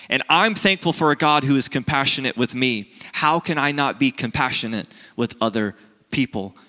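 A man's voice: on the high side, bright, forceful tone, big-room sound. A man in his thirties preaching a sermon in an earnest, conversational way, often checking in with "right?". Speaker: pastor.

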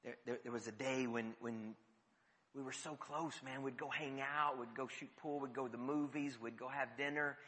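A man preaching a sermon, telling the story lively and dropping his voice low for emphasis. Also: moderate pace, long reverb tail. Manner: storytelling with sudden drops to a near whisper.

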